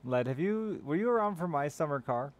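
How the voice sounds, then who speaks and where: A man's voice: fairly high pitch, expressive, brisk. A man streaming a game live, chatting casually with viewers in a sardonic, teasing way and swearing freely. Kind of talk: casual gaming stream chat.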